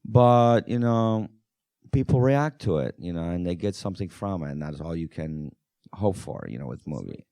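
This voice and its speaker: A man putting on an eccentric middle-aged male filmmaker who speaks soft, halting broken English. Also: deep voice, expressive, no room sound, clean studio sound. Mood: earnest.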